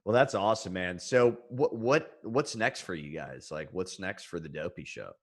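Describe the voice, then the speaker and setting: A man's voice: deep voice, normal speed. A man hosting a podcast interview, chiming in with short, enthusiastic interjections. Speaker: podcast host. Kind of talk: casual interview.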